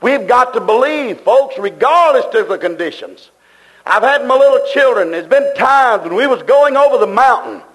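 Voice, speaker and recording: Man preacher, very high voice, fervent and repetitive, folksy plain speech. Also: animated, moderate pace, fairly bright tone, poor audio. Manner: plain-spoken, folksy grammar. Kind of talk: sermon.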